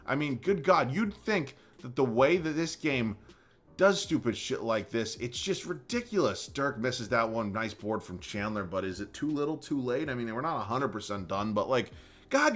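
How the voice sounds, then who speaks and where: A man's voice: medium pitch, normal speed. Man ranting over a basketball video game. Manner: swings from calm play-by-play to profane ranting. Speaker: gaming YouTuber. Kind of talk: casual gameplay commentary.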